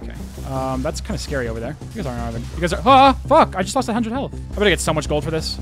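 A young man with a high voice comments on his game live on a home stream, swinging wildly up and down in pitch as he goes. He gets excited fast, swears freely and keeps turning to his chat. Faint game music plays under his desk-mic voice.

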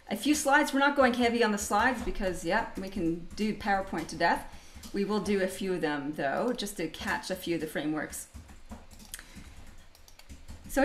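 A woman's voice: medium pitch, slight background noise. A middle-aged Canadian woman presenting a leadership webinar over a video call, chatty and upbeat, laughing often. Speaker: leadership speaker hosting a webinar.

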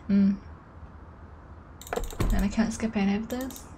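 A woman's voice: mid-range voice, steady tone, slow pace, background noise. A young woman from Boston giving sarcastic let's-play commentary over a game. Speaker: gaming streamer.

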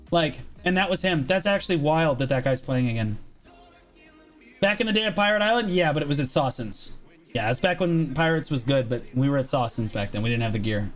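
A man streaming a game, talking casually with lots of swearing, and breaking into exasperated yelling now and then. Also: a little high. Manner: profane, exasperated outbursts and yelling. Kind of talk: livestream gameplay commentary.

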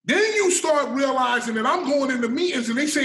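A middle-aged man telling his story as an interview guest, animated, emphatic and full of swearing. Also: very high voice, brisk. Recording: echoey room, mic at a distance.

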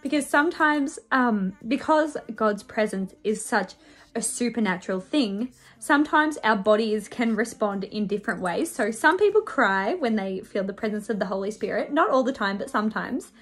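A woman's voice: on the high side, expressive, moderate pace, fairly bright tone. A young woman presenting to children on a church show, telling a personal story in a bubbly, sing-song way and acting out the voices.

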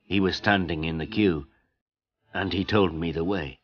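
A man reading a simple story aloud in plain, clear first-person narration for English learners. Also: sits low, normal speed, highs cut off.

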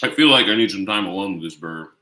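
A man hosting a casual live cooking stream, chatting with his viewers in a rambling way and gushing with excitement as he eats and talks. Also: low-pitched, very fast, a little hiss or hum. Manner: gushing with excitement while tasting. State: eating while talking. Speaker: home cook streaming live. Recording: roomy, echoing room sound.

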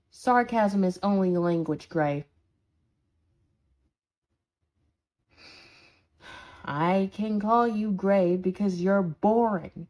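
A woman's voice: medium pitch, darkish tone, natural voice. A woman voicing a sarcastic, scolding horned demon in an audio role-play for a listener. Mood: exasperated scolding. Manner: sarcastic, scolding, dramatic swings.

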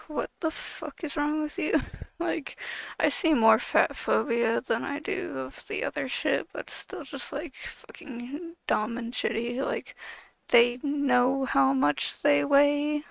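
Woman YouTuber, casual rant, exasperated, swears a lot, heavy vocal fry, very dry close sound. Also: high voice, no room sound, poor audio.

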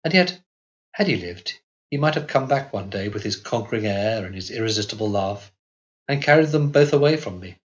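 A man narrating a novel in the first person, measured and reflective. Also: on the low side, animated. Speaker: audiobook narrator. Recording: dull lo-fi recording.

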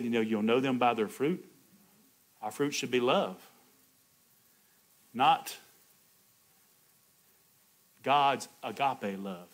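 A man delivers a sermon in call-and-response fashion, alternating loud, high-pitched exclamations with quiet, low asides. Between points he laughs and chuckles.

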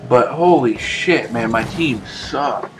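A man talking over his own gameplay in a loose, chatty way, swearing freely and yelling at his teammates. His voice sits at an ordinary pitch. Faint game sound runs underneath. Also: expressive, takes it slowly, noisy background. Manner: ranting, swears a lot, yells at teammates. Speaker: gameplay streamer. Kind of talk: casual gameplay commentary.

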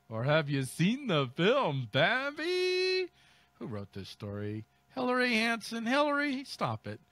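Lively, bright-voiced comic news host. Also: male voice, fairly high pitch, no room sound. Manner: mocking, riffing, reads then ad-libs. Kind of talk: comic commentary on news stories.

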